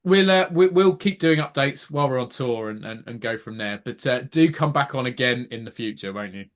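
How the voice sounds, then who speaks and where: A man's voice: mid-range voice, lively intonation, brisk. Effusive man hosting a podcast. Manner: warm, effusive sign-off, stumbles over words. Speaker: podcast host. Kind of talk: casual chat.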